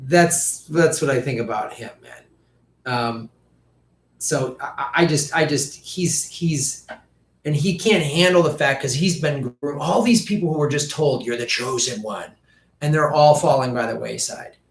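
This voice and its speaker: A man ranting through casual political commentary, profane and mocking, slipping into quick impressions of politicians. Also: medium pitch, roomy sound.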